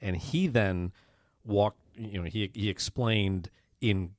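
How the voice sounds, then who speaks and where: A man co-hosting a podcast, chatting casually and stumbling through excited restarts as he tells a story. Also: on the low side, slow pace, no room sound, clean studio sound. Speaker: podcast co-host. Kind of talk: casual chat.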